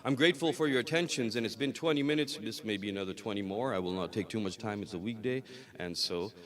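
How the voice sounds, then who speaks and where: A man delivers a religious sermon in a lowish voice. He tells the story with acted dialogue and rises to emphatic peaks, slowing and repeating key words for weight. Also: crowd noise. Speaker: scholar reciting a majlis.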